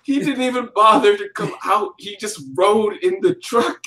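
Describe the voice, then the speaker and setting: Blunt joking man, slightly high voice. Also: moderate pace, sharp tone. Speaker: podcast co-host. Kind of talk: casual wrestling chat.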